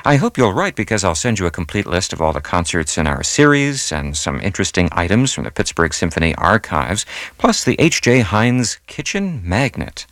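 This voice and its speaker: A man hosting a classical music radio program, reading his script in a measured way and going slowly over details. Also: low voice, big pitch swings, fairly bright tone, dry recording. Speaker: radio host.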